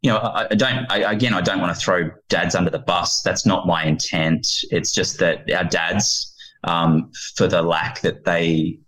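A man's voice: deep voice, steady tone, normal speed, a bit bright, low-quality recording. A man speaking earnestly as a guest on fatherhood and faith, quoting scripture. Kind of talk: earnest podcast conversation.

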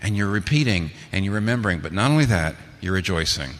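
A male pastor preaching a sermon with a bright, forceful voice. He leans on rhetorical questions and climbs to emphatic peaks. His voice rings with the long reverb of a large hall. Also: low-pitched, lively intonation, quick pace.

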